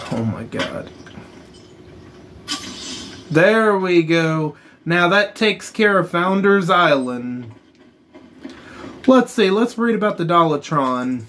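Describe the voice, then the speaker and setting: A man hosting a gaming channel, chatting casually over gameplay and slowly reading story text aloud with muttered asides. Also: a little high, animated, fairly bright tone, a little hiss or hum.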